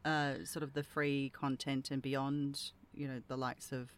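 An Australian woman with a notably low voice hosts a casual interview. She rambles with easy self-deprecation and laughs at her own puns. The talk is loose and conversational. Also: flat delivery, a little slow. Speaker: podcast host interviewing a voice actor. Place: home, rural property.

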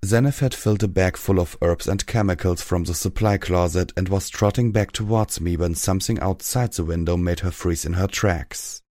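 A man narrating a first-person fan fiction story in a steady, dramatic reading voice. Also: sits low, normal speed, few pauses, no room sound, clean studio sound. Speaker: audiobook narrator.

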